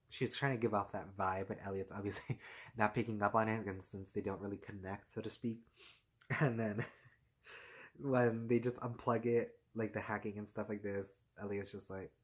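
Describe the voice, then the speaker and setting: Man, low-ish voice, loose chatty recap vlogger, filler-heavy, laughs a lot. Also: steady tone, normal speed. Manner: rambling, heavy filler "like" and "and stuff like this"; laughs often while talking. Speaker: TV episode recapper. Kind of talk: casual recap vlog.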